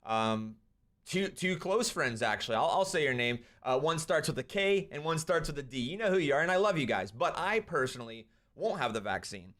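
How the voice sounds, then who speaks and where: A young man hosting a live stream, ranting and commenting on a clip, swinging between loud outbursts and quieter asides. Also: on the high side, expressive, fairly quick. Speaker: streamer host.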